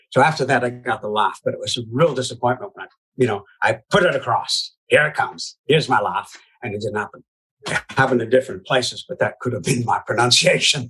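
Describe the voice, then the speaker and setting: In a casual interview, a puppeteer from Iowa, USA, tells chatty stories laced with laughter, asides and many "you know"s. His voice sits on the low side and is a bit bright, and the rough recording has slight background noise.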